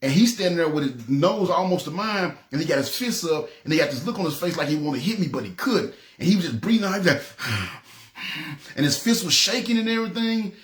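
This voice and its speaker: Fast-talking Memphis preacher man. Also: a little high, roomy sound. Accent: Memphis Southern US. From North Memphis, USA. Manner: animated, acts out quoted voices. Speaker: preacher giving testimony. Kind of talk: testimony storytelling.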